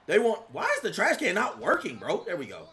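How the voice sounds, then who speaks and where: A young man giving excitable live commentary while playing a video game, often yelling at the screen. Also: high-pitched, brisk, creaky. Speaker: gaming YouTuber.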